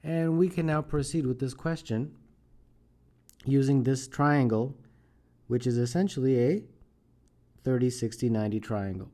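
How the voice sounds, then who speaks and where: A man with a mellow, warm voice walks through a math contest problem as a tutor. He thinks aloud as he works and keeps checking in with listeners by asking "right?". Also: mid-range voice, a little slow, long pauses. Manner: thinks aloud while working problems, often adds "right?".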